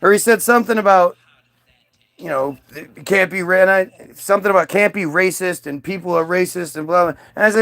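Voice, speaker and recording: A man's voice: high voice, fairly quick, vocal fry, fairly bright tone, no echo. A man telling a personal story in a casual monologue, rambling and full of fillers and restarts.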